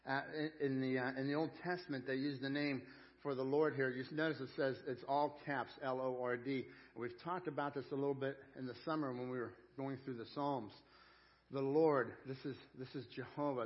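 A man preaching a sermon as pastor, earnest, slowing down and repeating phrases for emphasis. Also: medium pitch, highs cut off.

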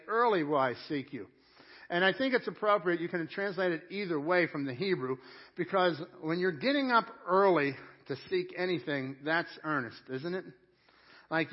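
A man's voice: a little high, dull audio. A man preaching a sermon as pastor, asking the congregation direct questions and often repeating words as he goes. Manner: repeats words and restarts phrases.

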